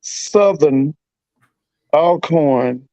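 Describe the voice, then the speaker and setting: A man joining a casual sports live stream as a guest, listing his picks slowly and hesitantly. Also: on the high side, warm tone, no echo, low-quality recording.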